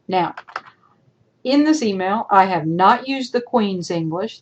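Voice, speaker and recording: A woman's voice: medium pitch, expressive, unhurried, slight background noise. A woman instructor teaching a screen-recorded tutorial, chatty, asking her students rhetorical questions. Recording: dull lo-fi screencast audio.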